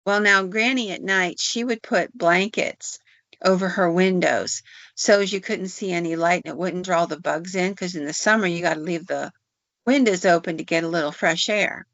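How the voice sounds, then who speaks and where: A woman hosting a podcast who tells folk tales in a folksy, conversational way. Her voice is low and gravelly. The recording sounds dry and a bit dull. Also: normal speed, a bit bright, no echo. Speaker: podcast host. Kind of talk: folklore storytelling. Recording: dull lo-fi audio.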